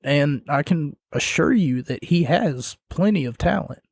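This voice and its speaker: A man's voice: on the high side, animated, unhurried, gravelly, no echo, studio quality. A man hosting a podcast, giving casual wrestling commentary in a sarcastic, mocking rant. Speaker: podcast host.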